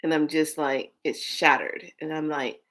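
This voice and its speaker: A woman's voice: low-pitched, fairly even intonation, a little slow, a bit bright. A woman vlogger telling a personal story in a candid, emotional way, swearing freely.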